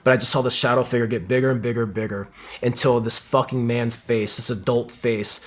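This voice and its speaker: This man talks a little fast, with a steady, medium-pitched voice. On a podcast as a guest, he delivers an intense, swear-heavy account of combat, quoting and acting out what his teammates said.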